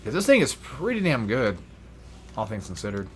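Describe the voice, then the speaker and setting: Rambling young man with a lively voice. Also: mid-range voice, normal speed, faint music behind. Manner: rambling, swears freely, self-deprecating. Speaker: let's play gamer. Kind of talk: casual gameplay commentary.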